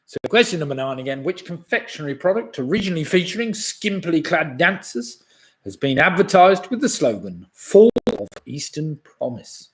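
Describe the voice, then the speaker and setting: A man's voice: a little high, sing-song, normal speed. A man in his sixties hosting a live online pub quiz. He reads each question twice and chuckles at his own jokes. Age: 60s.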